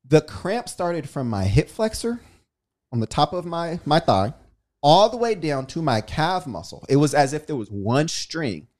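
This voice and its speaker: A young man co-hosting a podcast, telling a story in a playful, expressive way. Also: fairly high pitch, a little slow. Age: young adult. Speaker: podcast co-host. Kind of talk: casual chat.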